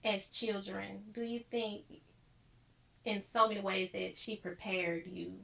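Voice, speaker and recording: A woman's voice: medium pitch, steady tone, slow pace, gravelly, sharp tone. A woman co-hosting a podcast, asking questions and chiming in with supportive affirmations. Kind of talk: casual chat.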